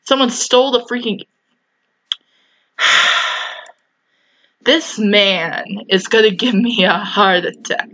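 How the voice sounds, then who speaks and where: Bright-voiced excitable woman gaming. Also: a little high, lo-fi sound. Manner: excitable, talks back to the game, swears and shrieks at scares. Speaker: gaming YouTuber. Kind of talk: let's play commentary.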